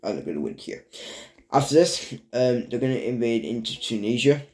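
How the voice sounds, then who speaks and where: Male narrator, mid pitch, halting delivery full of fillers and restarts. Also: sing-song, darkish tone. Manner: stumbles over words. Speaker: video narrator. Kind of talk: casual game commentary.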